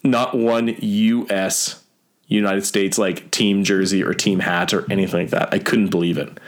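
A man's voice: low-pitched, level tone, normal speed. A young Canadian man telling stories in a casual chat, rambling with many fillers and the odd swear word. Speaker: guest.

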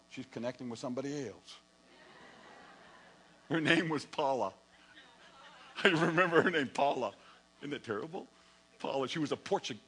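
A male pastor preaching a lively sermon and telling stories from his own life, sometimes acting out his younger self. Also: medium pitch, husky, rough recording. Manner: animated storytelling, acts out his own past voice.

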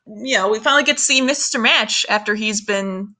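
A woman's voice: a little high, fairly quick, bright, forceful tone. A woman co-hosting a casual recap podcast, chatty and full of fillers, laughing often. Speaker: podcast co-host. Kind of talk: casual anime recap chat.

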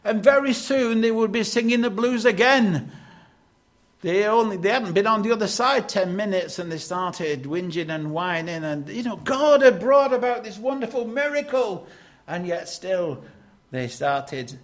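An older man preaching a sermon, emphatic, swinging between loud declarations and hushed lines. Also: high-pitched, animated, unhurried.

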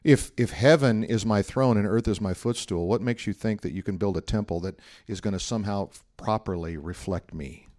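A middle-aged man gives a sermon in a relaxed, chatty way. His voice sits somewhat low, and he slips into the voices of the people in his stories as he tells them. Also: fairly quick, few pauses. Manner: conversational storytelling, acts out quoted voices. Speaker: pastor.

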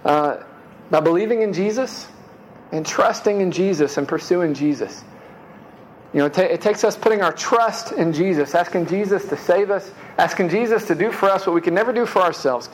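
Casual conversational preacher, fairly high voice. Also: male voice, normal speed, a little hiss or hum, low-quality recording. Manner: casual conversational preaching, frequent "man" and "right?" asides; repeats words while restarting. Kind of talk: sermon.

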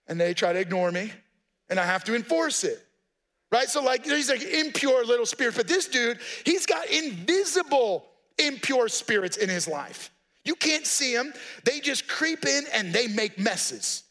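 A man's voice: very high-pitched, big pitch swings, normal speed, sharp tone. A man, a pastor, preaching a conversational sermon with folksy asides and direct appeals to the congregation.

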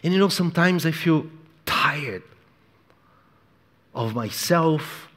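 A man preaching a sermon in an emphatic, repetitive way, moving between hushed and loud delivery. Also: fairly high pitch, animated, slow. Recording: echoey hall with long reverb.

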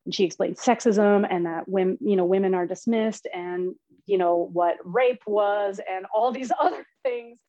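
A woman telling personal stories in casual chat, animated and swearing freely, laughing as she goes. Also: medium pitch, unhurried, no echo, dull audio. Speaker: podcast guest. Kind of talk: casual storytelling.

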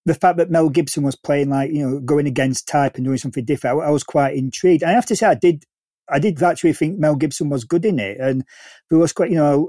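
Male film reviewer, mellow voice, dry close sound, halting and blunt. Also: on the high side, no room sound. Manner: hesitant, repeats words, blunt. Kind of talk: casual film review chat.

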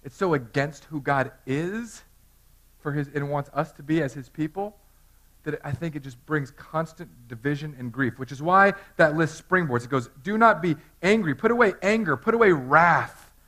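High-voiced man preaching a sermon. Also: moderate pace, pushed and bright, rough recording. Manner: preachy, rising to emphatic exhortation with playful asides. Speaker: pastor.

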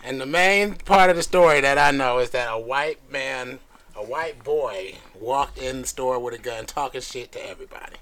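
A man's voice: mid-range voice, a bit bright. A man co-hosting a podcast, teasing and questioning the others in casual banter. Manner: teasing, quick to joke and question. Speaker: podcast co-host. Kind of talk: casual chat.

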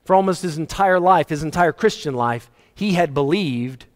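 A male pastor preaching a sermon emphatically, his voice rising and falling in pitch and loudness. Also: expressive, moderate pace, big-room sound. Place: church.

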